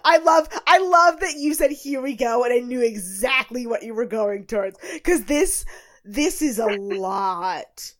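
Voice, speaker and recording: A woman with a slightly high voice recaps a reality show with her co-host. She is giggly and animated, and sounds a little groggy. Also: measured pace. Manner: giggly, animated, slips into impressions. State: groggy on cough medicine. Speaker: podcast co-host. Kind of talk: casual recap chat.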